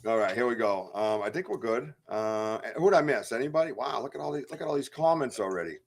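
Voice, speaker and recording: A man's voice: mid-range voice, animated, quick pace. A man with an American accent co-hosting a casual live stream, hyper and rambling as he greets viewers by name. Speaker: co-host of a live research stream.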